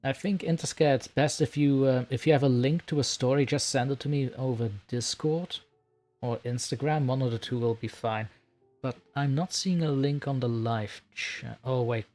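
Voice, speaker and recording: A man's voice: mid-range voice, moderate pace, a little mellow, soft background music. Giggly, self-mocking male streamer. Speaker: streamer, horror story narrator. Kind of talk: casual live-stream chat.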